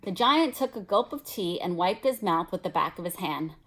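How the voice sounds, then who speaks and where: A woman teacher reading a novel aloud to students, expressive and stopping now and then to explain. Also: fairly low pitch. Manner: expressive, pauses to explain to listeners.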